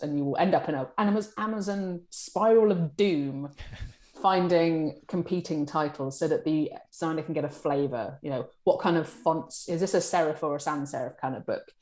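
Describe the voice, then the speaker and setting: A woman in a publishing role, answering interview questions in a chatty, animated way. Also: low-pitched. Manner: chatty, animated, acts out colleagues' lines. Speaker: publishing director. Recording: echoey room.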